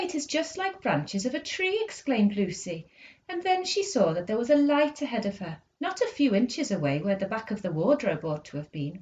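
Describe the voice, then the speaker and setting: A woman reading a children's book aloud with lively storytelling, on a dull lo-fi recording. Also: on the high side. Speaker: school reader.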